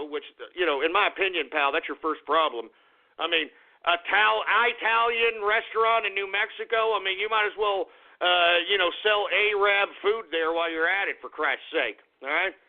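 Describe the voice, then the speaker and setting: Over thin, tinny audio that resembles a phone line, a male talk radio host erupts into a furious, profanity-filled political rant. His voice is fairly high for a man.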